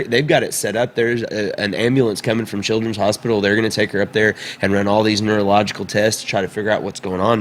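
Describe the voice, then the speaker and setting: A man's voice: lowish voice, a bit bright. A man in his thirties, a podcast guest, telling a story in casual chat, repeating words as he goes.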